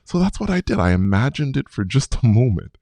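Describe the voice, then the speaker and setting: A man in his fifties, a podcast guest telling a personal story in an animated way and acting out his own past reactions. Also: mid-range voice, brisk, no echo. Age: 50s.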